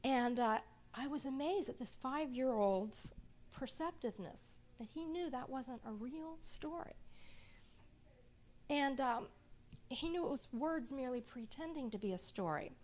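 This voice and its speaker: A woman's voice: high-pitched, expressive, a little slow, a little mellow. A middle-aged woman presenting a reading workshop to a live audience. She talks in a chatty way and often checks in with her listeners.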